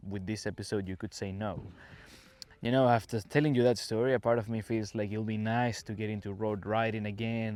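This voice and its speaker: Venezuelan man chatting on a podcast. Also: fairly low pitch. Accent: Venezuelan Spanish. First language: Spanish. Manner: chatty and relaxed, acts out quoted dialogue. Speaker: English teacher and podcast host. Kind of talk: casual podcast talk for English learners.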